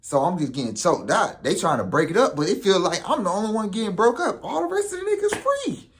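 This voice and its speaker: A man's voice: high-pitched, fast, a little hiss or hum. A young man telling a story in casual vlog style, with profane street slang. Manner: animated, profane street slang, acts out quotes. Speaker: vlogger.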